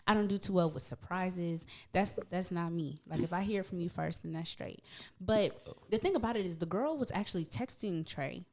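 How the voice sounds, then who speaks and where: A young woman, a podcast guest, telling a story in casual chat with lively emphasis. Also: lowish voice, moderate pace, slight background noise.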